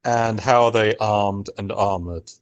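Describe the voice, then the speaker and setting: A man at a tabletop game asks plain, matter-of-fact questions about the scene. His voice is on the low side. The delivery is even and practical. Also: a little slow, smooth, dull audio. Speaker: player.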